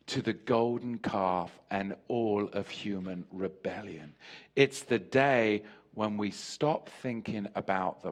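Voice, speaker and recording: Slow, deliberate male preacher. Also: on the low side. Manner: deliberate, repeats key phrases for emphasis; slows and drops his voice on key words. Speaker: pastor teaching a weekly Sabbath lesson. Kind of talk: sermon.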